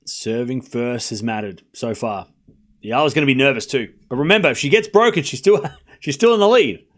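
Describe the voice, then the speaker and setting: A young man streaming live tennis play-by-play to his chat, excitable, swinging from quiet muttering to shouting. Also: medium pitch, fairly quick.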